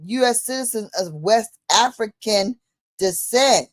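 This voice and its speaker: A woman in a casual discussion, telling a story in an animated way and acting out the dialogue. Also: on the high side, a little slow, dry recording, studio quality.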